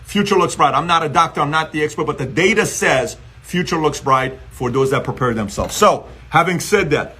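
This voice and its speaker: Man, Iranian accent, husky voice, emphatic motivational host, slightly raised pitch. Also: fairly quick, few pauses. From Iran. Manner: emphatic, repetitive, animated. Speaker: host taking live callers. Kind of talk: motivational live stream talk.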